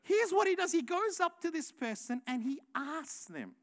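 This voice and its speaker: A woman preaching a passionate sermon, building to loud rhetorical questions. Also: extremely high pitch, very animated, normal speed.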